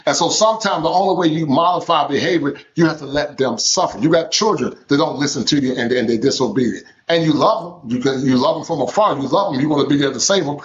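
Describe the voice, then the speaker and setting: A man's voice: a little high, quick pace, hardly any pauses, muffled recording. A man giving sermon-like commentary on a live stream, asking rhetorical questions. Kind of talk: preachy conversational commentary.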